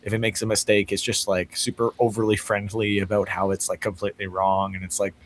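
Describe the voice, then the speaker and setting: A man's voice: on the low side, little pitch movement, a little fast, a little hiss or hum. A man co-hosting a podcast in casual chat, easygoing and full of "like" fillers. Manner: easygoing, heavy use of "like" fillers.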